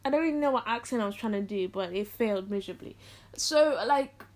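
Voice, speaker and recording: A high-voiced teenage girl chats alone as a podcast host. Her pitch leaps around as she jokes and acts out quotes from family. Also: fast. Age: teens. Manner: animated, jokey, acts out quotes. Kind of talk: casual solo chat.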